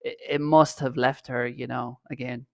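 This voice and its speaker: With a level tone, vocal fry and medium pitch at normal speed, this Irish man co-hosts a podcast, rambling self-deprecatingly through casual chat and marathon commentary. The studio-quality audio has no echo.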